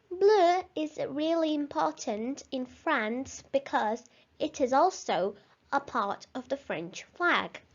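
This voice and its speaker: A woman's voice: high-pitched, animated, slow pace. A woman teaching a language lesson, pronouncing words carefully and encouraging the listener to repeat after her. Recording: slightly dull lo-fi recording.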